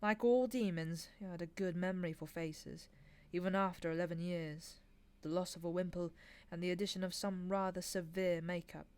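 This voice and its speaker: Woman with a lowish voice reading aloud. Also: steady tone, normal speed, few pauses, darkish tone, clean tone. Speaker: reader. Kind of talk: audiobook reading.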